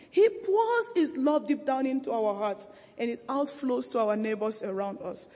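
Female reverend, high husky voice, measured devotional sermon in a reverberant hall. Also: expressive, mellow.

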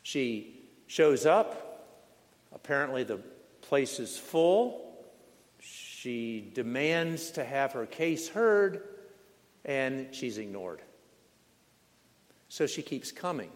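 A male preacher telling a sermon story in a slow, dramatic manner, leaning on repetition. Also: mid-range voice, animated. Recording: long reverb in a large hall.

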